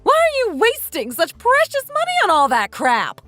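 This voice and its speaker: A woman's voice: very high voice, huge pitch swings, moderate pace, bright, forceful tone, dry recording, faint music behind, pitched above the performer's own voice, heavily acted. A woman voicing a spiteful, domineering mother-in-law around sixty who scolds and insults, in a dramatized text-story reading. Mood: scornful.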